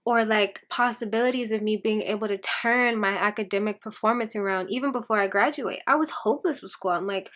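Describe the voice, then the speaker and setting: A young woman speaks straight to her viewers, sharing a personal faith testimony as a lively, chatty story. She acts out every exchange and slips in laughs between phrases, at a mid pitch for a woman. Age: young adult. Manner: animated storytelling, acts out quoted dialogue. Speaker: vlogger.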